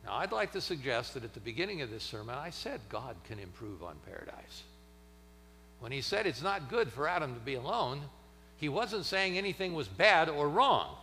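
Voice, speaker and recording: A man preaching a sermon in a church, dramatic, swinging from loud emphasis to near-whispers. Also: fairly high pitch, very animated, normal speed, big-room sound, a little hiss or hum. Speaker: pastor. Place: church sanctuary.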